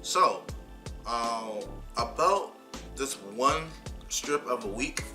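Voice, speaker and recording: A young man vlogger telling a heated, animated story about being fired, often repeating himself. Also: mid-range voice, very slow, soft background music. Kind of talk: casual storytime rant.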